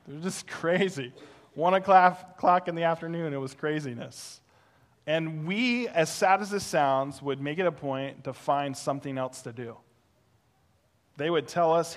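A male pastor preaching through a personal story, animated and self-deprecating, acting out the voices he quotes. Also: on the high side, a little slow. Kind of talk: sermon storytelling.

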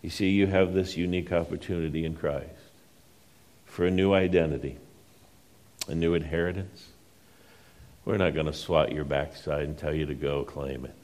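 A pastor telling a story during a sermon, unhurried and dropping to a soft hush for emphasis. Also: male voice, extremely low pitch, steady tone.

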